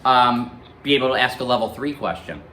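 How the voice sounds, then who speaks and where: Male teacher, reading aloud to a class, animated, bright tone. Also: mid-range voice, a little fast, a little hiss or hum. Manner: lively, questioning students.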